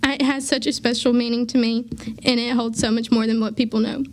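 A woman's voice: on the high side, level tone, fairly quick, a little hiss or hum. A graduating teenage girl, giving a heartfelt farewell speech to her church youth group, tearful and laughing through tears. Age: late teens.

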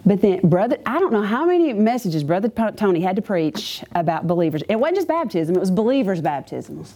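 Lively woman telling a church testimony. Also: mid-range voice, fairly quick, few pauses. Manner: chatty, animated storytelling with asides. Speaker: church member giving a testimony. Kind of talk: personal testimony to a church congregation.

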